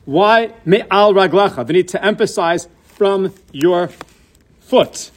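Speaking slowly in a high voice, a man teaches a Torah class. He's inquisitive, raising questions and answering them, and his English is laced with Hebrew and Yiddish-style words.

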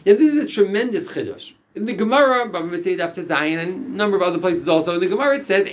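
Animated man teaching a Talmud class. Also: high voice, fast, few pauses. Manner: animated, explanatory, frequent restarts and Yiddish-Hebrew terms. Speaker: Torah teacher. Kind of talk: lecture to a small class.

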